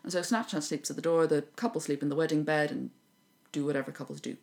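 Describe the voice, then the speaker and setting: An Irish woman co-hosting a podcast, retelling a folk tale in a lively, joking chat. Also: low voice, fast talker, gravelly. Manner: animated, joking narration. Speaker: podcast co-host. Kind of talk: casual storytelling chat.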